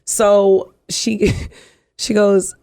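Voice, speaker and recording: A middle-aged woman, a guest telling her life story in an interview, animated and acting out the voices in her quotes. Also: medium pitch, very slow, dry recording, studio quality.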